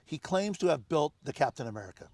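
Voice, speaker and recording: An older man, the guest, telling animated anecdotes in casual conversation, acting out other people's lines. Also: a little high, fast talker, no room sound. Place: home on Maui.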